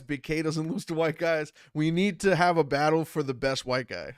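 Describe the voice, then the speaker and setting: A man's voice: fairly high pitch, normal speed, clear, resonant tone, no room sound, clean studio sound. Congested man chatting on a stream. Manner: rambling, swearing, laughing often. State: congested from a cold. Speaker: streamer and battle rapper. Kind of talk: casual livestream chat reading comments.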